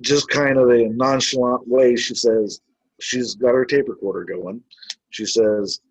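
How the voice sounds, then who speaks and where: A man's voice: mid-range voice, normal speed, darkish tone, husky, no echo, highs cut off. A man who investigates the paranormal, telling his stories in a casual, rambling way with many filler words. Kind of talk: casual storytelling.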